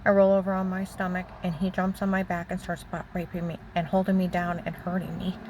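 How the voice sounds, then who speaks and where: A woman's voice: fairly low pitch, completely flat delivery, background noise. Older woman, rambling emotional testimony. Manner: rambling, emotional, halting storytelling. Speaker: storyteller recounting her own life. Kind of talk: personal testimony monologue.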